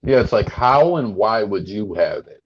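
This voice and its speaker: A man's voice: fairly low pitch, animated, normal speed. A man co-hosting a podcast in casual chat, slangy and rambling with lots of fillers. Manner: slangy, rambling, full of "like" and "bro". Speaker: podcast co-host. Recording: muffled lo-fi audio with faint hiss.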